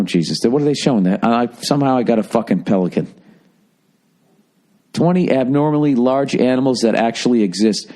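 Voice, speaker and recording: A man hosting his own podcast, rambling alone and thinking out loud with constant swearing as he riffs on whatever he's looking at. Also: lowish voice. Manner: profane, riffing, thinking out loud. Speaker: podcast host. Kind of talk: rambling solo podcast monologue.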